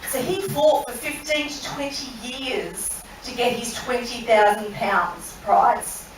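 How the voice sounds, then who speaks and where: A woman's voice: on the high side, slow, a little hiss or hum. A woman presenting an interactive lesson to an audience, chatty, asking questions and laughing along. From Australia. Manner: chatty, asks the audience questions, laughs at her own story. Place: large room on a cruise ship. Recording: very echoey hall, voice from far off.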